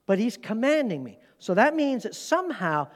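High-voiced preaching man in a reverberant hall. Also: sing-song, moderate pace. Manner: emphatic, conversational, rising to strong stress. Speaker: pastor. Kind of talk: sermon. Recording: long reverb of a large hall.

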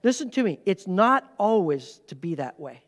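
A man pastor preaching a sermon, emphatic, swinging between loud urgent lines and hushed asides. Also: high voice, big pitch swings, normal speed. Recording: hall reverb.

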